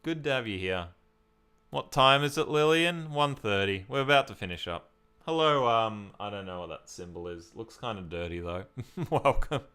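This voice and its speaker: A man's voice: lowish voice, expressive, normal speed, sharp tone, clean tone. An Australian man from Victoria, chatting casually on a live stream as he reads and answers viewer comments.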